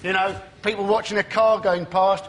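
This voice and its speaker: A man's voice: high voice, flat delivery, normal speed, a bit bright. A man hosting a topical comedy show with dry quips.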